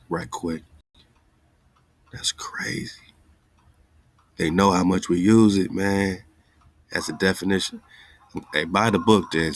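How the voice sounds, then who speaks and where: Host, male, very low voice, loose and exasperated, dry close sound. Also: fairly bright tone, dry recording. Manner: loose, exasperated, talks straight to listeners. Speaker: online radio show host. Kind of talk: casual live-stream talk.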